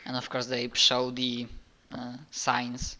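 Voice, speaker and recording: Man, tabletop role-play, slow halting delivery, bright clear tone. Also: medium pitch, completely flat delivery. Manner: halting, with many fillers and restarts. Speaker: player. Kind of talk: playing a tabletop role-playing game.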